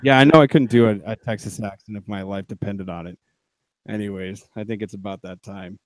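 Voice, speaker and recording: A man's voice: fairly low pitch, steady tone, a little fast, no echo. A man co-hosting a casual sports podcast, joking around and laughing often. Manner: laughing, joking, exclaims a lot. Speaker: podcast co-host. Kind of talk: casual chat, live podcast.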